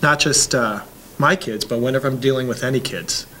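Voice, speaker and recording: A man's voice: mid-range voice, brisk, pushed and bright, slight background noise, rough recording. A man, a parent, reflecting in a casual interview and often restarting his sentences.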